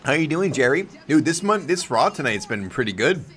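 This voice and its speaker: A man hosting a live reaction stream, excitable and joking, swearing now and then. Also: a little high, fairly quick. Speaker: watchalong host.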